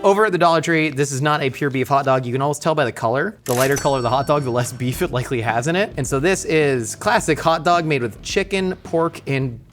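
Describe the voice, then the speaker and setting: A man hosting a casual, jokey cooking show, excitable and playful, with sudden jumps up in pitch.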